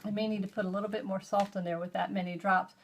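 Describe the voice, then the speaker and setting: A woman's voice: mid-range voice, flat delivery, fast, very noisy. Chatty woman demonstrating a craft. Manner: chatty, homey, step-by-step explaining while working. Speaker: host. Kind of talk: hands-on how-to demonstration.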